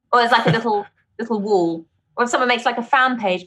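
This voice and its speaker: A woman's voice: on the high side, quick pace, fairly bright tone, breathy edge. A British woman chatting casually as a podcast guest, laughing often and acting out her own reactions. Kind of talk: casual interview chat.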